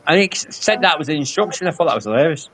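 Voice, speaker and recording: A man's voice: a little high, animated, very fast, over music. A man, telling rambling stories full of quoted dialogue on a casual live stream. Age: 50s. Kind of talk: casual chat.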